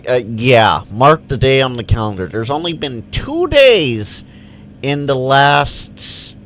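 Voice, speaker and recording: Slow, rambling male livestream host. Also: medium pitch, a bit bright, a little hiss or hum. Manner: rambling, reads viewer comments aloud and answers. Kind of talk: casual live chat.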